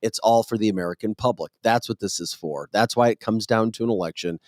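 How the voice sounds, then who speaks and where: A man hosting a political talk show, talking emphatically and dropping low to land his points. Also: quick pace, darkish tone, dry recording, studio quality. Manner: emphatic, drops low for punchlines.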